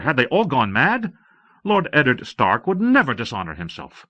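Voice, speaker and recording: A man reading an audiobook in a steady, measured way, from an old cassette tape. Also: mid-range voice, lo-fi sound. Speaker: audiobook narrator. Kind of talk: scripted narration.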